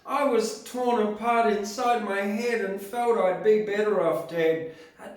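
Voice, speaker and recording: A man's voice: high voice, unhurried, a little mellow, voice pushed up. A man impersonating the ghost of a famous pop star, reciting rhymed verse in a lilting, sing-song way. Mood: plaintive. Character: a famous pop star's ghost, soft high male pop star. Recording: roomy hall from a distance.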